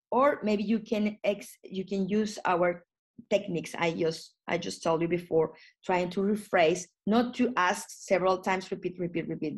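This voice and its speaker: A woman trainer leading an online lesson on phone English for tourism staff. She speaks in non-native phrasing with frequent restarts. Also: lowish voice. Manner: lively teaching, acts out short phone dialogues.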